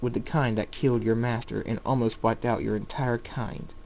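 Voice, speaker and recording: A man voicing Jacob, a brooding, hot-tempered young man who speaks low and quiet. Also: steady tone, moderate pace, creaky, lightly acted. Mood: cold.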